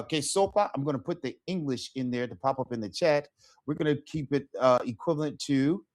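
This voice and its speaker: A middle-aged man teaching an online Spanish lesson, repeating phrases with rising emphasis. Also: medium pitch.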